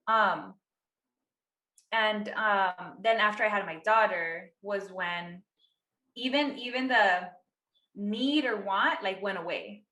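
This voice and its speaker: Thirties woman, podcast co-host, chatty and animated, crisp bright tone, echoey room. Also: mid-range voice, slow pace. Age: 30s. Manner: chatty, lots of "like" fillers, acts out quotes. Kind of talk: casual chat.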